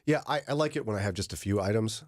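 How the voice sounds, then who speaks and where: A man's voice: on the low side, expressive, quick pace, a little mellow, no echo. A man hosting a morning radio show in the studio, chatting casually and joking with his co-hosts, laughing often. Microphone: studio microphone.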